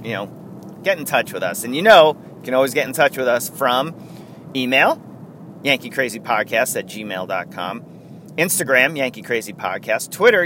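A man hosts a casual sports podcast, thinking out loud and correcting himself as he goes. His pitch swings about freely and with energy. A faint hum of background noise sits under his voice. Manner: rambling, self-correcting, chatty. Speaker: podcast host.

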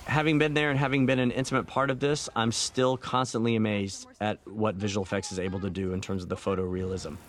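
A man, a film director, talking through his movie in a relaxed, reflective audio commentary, with many fillers and restarts. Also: on the low side, fast talker, hardly any pauses. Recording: faint film soundtrack music underneath.

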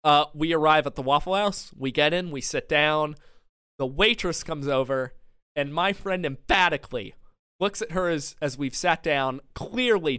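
Young man telling a lively story. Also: a little high, smooth, dry recording, studio quality. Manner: animated storyteller, often laughing. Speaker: podcast co-host. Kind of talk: casual storytelling. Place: home studio.

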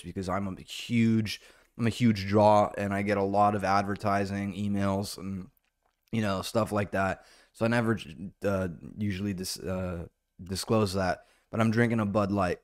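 A man hosting a solo comedy podcast in a rambling, profane monologue, now and then jumping into loud, high-pitched bits. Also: steady tone, normal speed.

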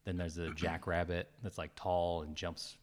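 A man's voice: sits low, level tone, normal speed. A man co-hosting a podcast, rambling through a story in casual chat and laughing often. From New Mexico. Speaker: podcast co-host.

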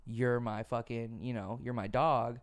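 A man's voice: medium pitch, flat delivery, measured pace, smooth. A young man hosting a casual podcast, telling earnest stories peppered with swearing. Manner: earnest, profane storytelling. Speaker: podcast host.

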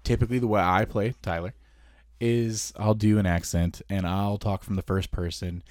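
A man with a lowish voice co-hosts a relaxed podcast chat, chuckling as he explains. The sound is close and dry, with no room around it. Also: moderate pace, no room sound. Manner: chatty, laughs between points. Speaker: podcast co-host. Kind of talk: casual chat.

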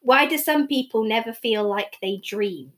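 A woman's voice: fairly high pitch, normal speed, reverberant. A young woman co-hosting a casual chat podcast, rambling and giggling. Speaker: podcast co-host.

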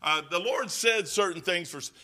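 Man preacher, folksy and rambling, bright forceful tone, slightly high voice. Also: moderate pace. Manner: reads scripture aloud in old-style wording. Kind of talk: sermon with personal stories.

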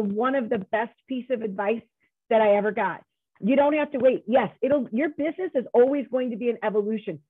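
A middle-aged woman who founded a nonprofit tells her story emphatically as an interview guest, often restarting her sentences. Her voice is a little high with a breathy edge. The recording is dry and tinny, like a phone line.

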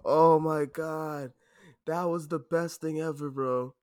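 Young male co-host, animated storyteller, bright-ish register, dry close sound. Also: on the high side, slow, clean tone, no echo. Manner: animated storytelling with loud shouted impressions and frequent laughter. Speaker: podcast co-host. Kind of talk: casual chat.

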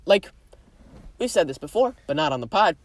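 A woman's voice: low voice, sing-song, normal speed, dry recording. A young woman co-hosting a casual podcast with a friend, goofy and jokey, full of fillers and pop-culture references. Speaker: podcast co-host. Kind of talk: casual chat between friends.

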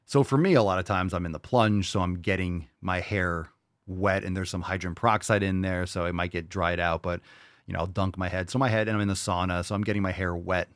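A man's voice: low voice, steady tone, fairly quick, no echo, studio quality. A man hosting a podcast and answering listener questions in casual chat, blunt and profane, mocking with disbelief. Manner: blunt, profane, mock-incredulous.

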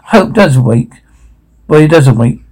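A man's voice: a little high, lively intonation, normal speed, a little mellow. A man reading the part of a witty, sardonic nobleman aloud from a script, dry and mocking. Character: witty sardonic dwarf nobleman, adult male. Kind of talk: amateur read-through of a script.

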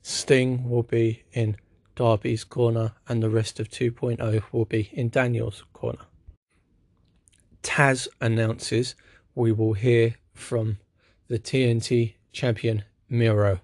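Slow, flat-voiced man recapping wrestling. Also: mid-range voice, dry recording. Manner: dry, sarcastic asides. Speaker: wrestling show reviewer. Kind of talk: casual spoken episode recap.

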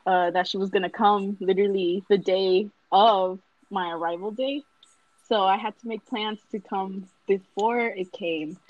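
A woman's voice: mid-range voice, unhurried, dry recording, dull audio. A nineteen-year-old woman, a college student, telling a story in casual chat with friends and acting out the people in it. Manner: animated, acts out the other voices in her story.

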